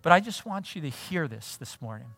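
Middle-aged male pastor, storytelling sermon, lively, dry close mic. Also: fairly high pitch, a little fast, creaky, no echo, soft background music. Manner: animated storytelling, acts out dialogue. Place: church sanctuary.

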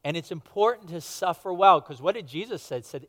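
A pastor preaching a sermon to his congregation, conversational and emphatic, rising to stress points and dropping to quiet asides. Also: on the high side, brisk. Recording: long hall reverb.

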